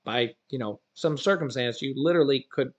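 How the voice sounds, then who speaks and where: A man's voice: mid-range voice, a little fast. A man reading news stories aloud and breaking off into casual, opinionated asides as a channel host. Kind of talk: reading news with personal commentary.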